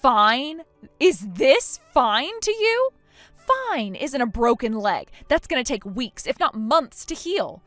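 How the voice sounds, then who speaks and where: An injured young bride speaks with icy scorn, her voice rising high and dropping low, as a woman acts her out. It is a dry, close recording with faint music behind. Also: lively intonation, normal speed, hardly any pauses, dry recording, lightly acted. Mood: scornful. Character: furious injured young bride, cold and cutting. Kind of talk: text-message story voice acting.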